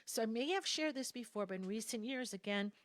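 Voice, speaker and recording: A woman speaking at a spiritual gathering, telling a candid personal story in a reflective, conversational way with soft asides. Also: on the high side, expressive, a little fast, no echo. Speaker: guest speaker.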